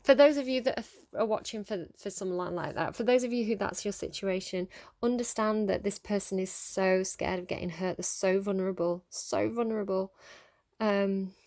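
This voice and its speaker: A woman's voice: mid-range voice, moderate pace, a little mellow, no room sound. A woman giving a casual tarot reading straight to her viewers, earnest and coaxing, laughing often between points. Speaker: tarot reader.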